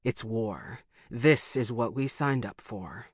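A gruff young American pilot speaks low and blunt, as a narrator puts him on. The recording is close and dry. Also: male voice, slow, no echo. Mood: grim.

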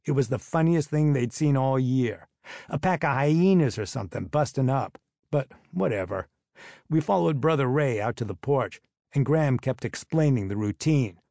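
A man's voice: mid-range voice, expressive, normal speed, creaky, dark tone, no room sound, clean studio sound. A man narrating a first-person audiobook in a wry, sullen tone.

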